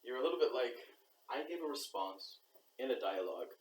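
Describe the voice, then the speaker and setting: A man's voice: medium pitch, expressive, brisk. Man musing aloud in an echoey room. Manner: thinking aloud, acts out quoted reactions. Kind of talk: reflective monologue. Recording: roomy echo, far from the mic, faint background noise.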